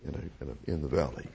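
A man's voice: extremely low pitch, vocal fry, noisy background. A man teaching the Bible verse by verse, repeating phrases and restating each verse in plain everyday words.

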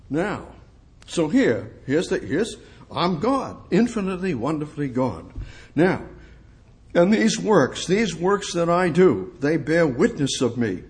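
A man preaching a sermon, reading scripture slowly and pressing his points with emphatic rhetorical questions that swing from soft to exclamatory. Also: a little high, big pitch swings. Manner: reads scripture slowly and deliberately. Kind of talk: expository sermon.

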